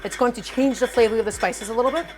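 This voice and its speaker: A woman with a fairly high voice runs a live cooking stream from her home kitchen. She speaks with emphatic, animated energy, often repeating her instructions. Faint music plays softly underneath her voice. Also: very fast. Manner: emphatic and animated, repeats herself, calls viewers "my friends". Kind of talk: live cooking demonstration, chatting with viewers.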